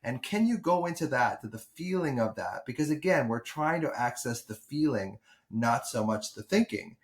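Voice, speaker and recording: A man's voice: mid-range voice, expressive, moderate pace. A man hosting a podcast as a doctor, explaining things thoughtfully with small restarts. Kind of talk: podcast conversation.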